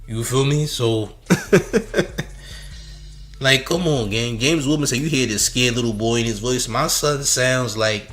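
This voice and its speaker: A man's voice: mid-range voice, a little slow, fairly bright tone. A man hosting a reaction commentary, mocking and slangy, laughing often between remarks. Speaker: commentary host.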